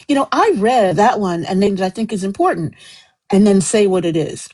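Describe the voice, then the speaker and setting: A woman's voice: mid-range voice, big pitch swings, fairly quick, darkish tone, rough recording. A woman speaking passionately in a live stream debate, her voice climbing as she gets heated and then apologizing.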